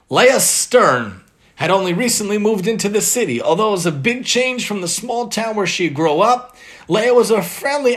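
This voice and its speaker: A man earnestly giving a religious moral lesson and reading a story aloud. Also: fairly high pitch. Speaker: religious teacher.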